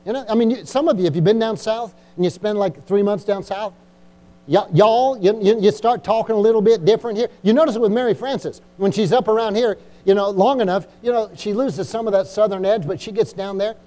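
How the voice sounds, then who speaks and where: A middle-aged man with a high voice preaches to his church congregation. His tone is mellow and dark rather than bright. He exhorts, repeats key lines and keeps checking in with calls for agreement. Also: fairly quick. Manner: repetitive, exhorting, frequent "Amen?" and "Come on". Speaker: pastor. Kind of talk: sermon.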